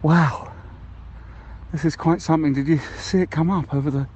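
A man's voice: fairly high pitch, steady tone, moderate pace, darkish tone, slightly rough, muffled recording. A man leaving rambling, cheerful voicemails as a balloon ride passenger, with many hesitations. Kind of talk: comic voicemail monologue.

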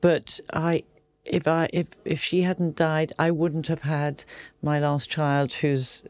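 A woman's voice: deep voice, level tone, slow pace, a little mellow, no echo. A woman in her fifties, chatting as an interview guest, talking openly and emotionally with many restarts and trailing phrases. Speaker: guest, yoga instructor. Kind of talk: casual conversational chat.

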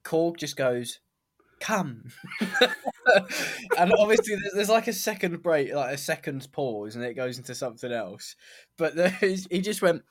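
A young man tells a story to his co-host, giggling between phrases. His pitch jumps around a lot as he talks. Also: lively intonation, moderate pace, no room sound. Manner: giggly storyteller, frequent laughs. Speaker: podcast co-host. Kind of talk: casual chat.

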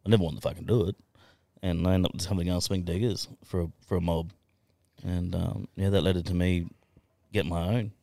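A man's voice: low-pitched, flat delivery, fairly quick, vocal fry, mellow, no echo. An Australian man telling stories in a casual podcast chat, blunt and swearing freely as he laughs through his stories. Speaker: podcast guest.

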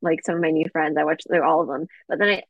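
Chatty Southern California woman, lower voice. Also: steady tone, fast, no room sound. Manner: chatty, many fillers and restarts. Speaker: podcast co-host. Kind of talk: casual chat. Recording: dry, slightly dull lo-fi audio.

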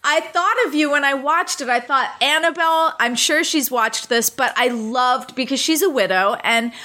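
A woman's voice: high voice, normal speed, sharp tone. A woman chatting casually on a podcast, emphatic and swearing freely as she acts out what people said.

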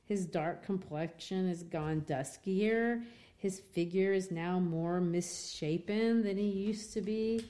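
A woman's voice: lowish voice, slow, warm tone. A woman teacher retelling a novel to a class in a casual, chatty way with many fillers. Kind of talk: classroom literature lesson.

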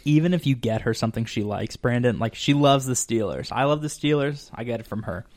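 A man hosting a casual podcast, telling stories in a quick, rambling, animated way. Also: medium pitch. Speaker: podcast host. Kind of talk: casual chat.

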